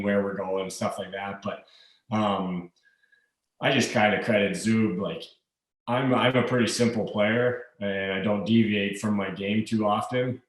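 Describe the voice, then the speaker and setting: A man in his thirties, a hockey player appearing as a guest, chats easily in a casual interview, halting with lots of fillers and restarts. His voice is lowish, and the poor audio sounds reverberant, as if from a distant mic.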